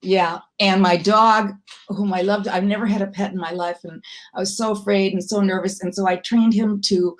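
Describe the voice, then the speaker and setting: A woman's voice: mid-range voice, steady tone, normal speed. An older woman from Milwaukee, a comedy writer, telling wry, self-deprecating anecdotes in a casual interview. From Milwaukee, USA.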